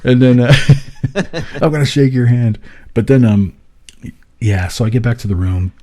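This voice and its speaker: A man's voice: medium pitch, steady tone, normal speed, warm tone. A man co-hosting a podcast, telling a story in casual chat, swearing freely as he retells it. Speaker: podcast co-host.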